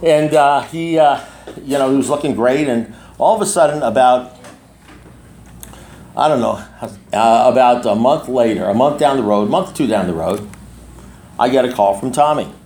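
A man's voice: mid-range voice, normal speed, long pauses, a little mellow, a little hiss or hum. Rambling man in his sixties, echoey room. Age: 60s. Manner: rambling storyteller, frequent restarts and asides. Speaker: speaker at a recovery meeting. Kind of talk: personal recovery talk to a group.

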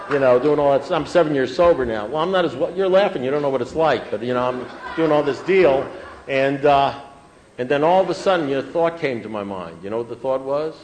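A man telling his recovery story to an audience, animated, swinging from loud outbursts to quiet asides. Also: mid-range voice. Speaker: recovery speaker. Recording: echoey room, faint background noise.

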